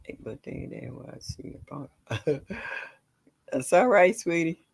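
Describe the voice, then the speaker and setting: An older woman hosting a casual gardening livestream, greeting viewers by name and chatting warmly. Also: low-pitched, expressive, takes it slowly, creaky, slightly rough. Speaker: livestream host.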